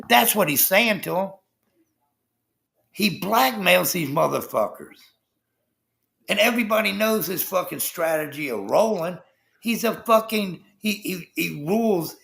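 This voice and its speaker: Fired up livestream guy cussing nonstop, raspy gravelly voice that swoops all over. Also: high voice, a bit bright. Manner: heated, swearing constantly, addresses chat viewers. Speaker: livestream host. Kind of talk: profane political rant on a livestream.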